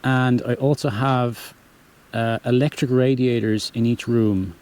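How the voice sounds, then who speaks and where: A relaxed young man with a Dublin Irish accent and a mellow, warm voice. He chats casually through viewer questions and corrects himself as he goes. His pitch sits in an ordinary middle range. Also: measured pace. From Ireland. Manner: easygoing, rambling, self-correcting. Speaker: channel host answering viewer questions. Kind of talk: casual chat.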